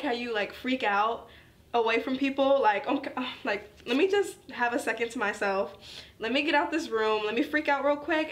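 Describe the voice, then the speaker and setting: Brief: chatty woman doing an anime review, slangy and animated, slightly high voice. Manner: animated, slangy, laughing asides. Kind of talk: casual review chat.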